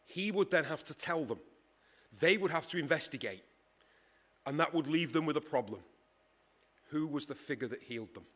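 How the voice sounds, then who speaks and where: A man's voice: fairly high pitch, expressive, fairly bright tone. Emphatic man preaching a sermon. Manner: conversational, emphatic, with dramatic pauses and acted quotes.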